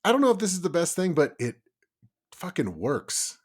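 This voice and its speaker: A man co-hosting a casual podcast about parenting, telling lively stories and swearing now and then. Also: a little high, normal speed, husky. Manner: lively storyteller, acts out kids' voices, swears casually. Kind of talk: casual chat.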